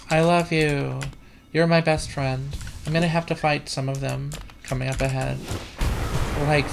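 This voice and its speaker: A woman's voice: low-pitched, little pitch movement, moderate pace, vocal fry. A woman hosting a let's play with live gameplay commentary, rambling, profane and self-mocking, practicing a trained feminine voice on a desk computer mic. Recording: keyboard clicks and room noise.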